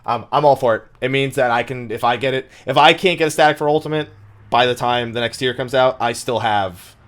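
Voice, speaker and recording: Brief: male podcast host, mid pitch, lively chat, cusses freely. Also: brisk. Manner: animated, swears and laughs often.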